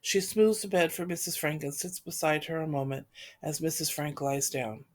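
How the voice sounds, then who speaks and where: Brief: woman reader, stage directions, even and measured delivery. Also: low-pitched. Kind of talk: reading stage directions of a play.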